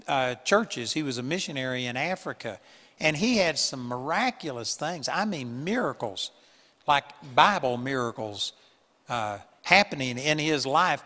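A man preaching a sermon in an earnest, emphatic way, with sudden loud bursts on key points. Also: medium pitch, long reverb tail. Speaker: pastor. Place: church hall with a live audience.

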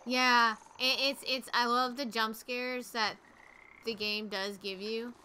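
Chatty bright-voiced woman streamer. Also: on the high side, slow, clean tone. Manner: chatty, excitable, talks to viewers. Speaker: game streamer. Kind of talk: casual gameplay commentary.

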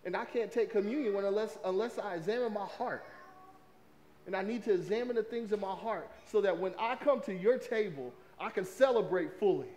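A man delivers a sermon. His voice sits high for a man. He talks in a loose, conversational way and keeps asking the congregation questions. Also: a little fast, slight background noise. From American South. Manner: lively, conversational preaching with crowd prompts. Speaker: pastor.

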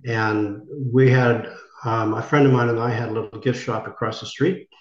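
A man's voice: mid-range voice, little pitch movement, moderate pace. Older man telling stories in a roomy space. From United States. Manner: rambling, acts out quoted voices. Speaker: actor, interview guest. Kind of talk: conversational storytelling. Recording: roomy, dull lo-fi sound.

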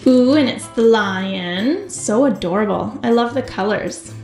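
A woman hosting a toy unboxing video, gushing with excitement and talking straight to her viewers. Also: on the high side, a little slow. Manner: gushing, excitable, talks to viewers as "you guys". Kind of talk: casual unboxing commentary. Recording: echoey room with faint music.

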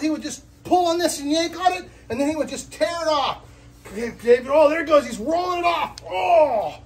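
Brief: high-pitched, excitable male zookeeper vlogging at feeding time, mic a bit far off. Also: slight background noise. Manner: excitable, lots of whoas, coaxing animals. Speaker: reptile zoo keeper. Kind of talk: casual vlog narration while feeding animals. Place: reptile zoo after hours.

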